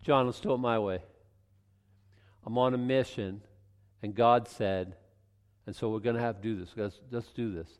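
A man's voice: fairly low pitch, fairly even intonation, normal speed, long pauses, a little mellow. A man giving informal verse-by-verse Bible teaching in a conversational way, often restarting and adding asides. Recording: long hall reverb.

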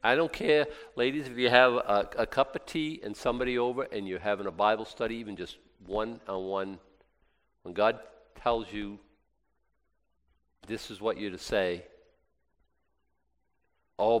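A man preaching a sermon, reading scripture aloud and breaking into lively, sarcastic asides. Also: lowish voice, normal speed. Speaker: pastor. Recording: long hall reverb.

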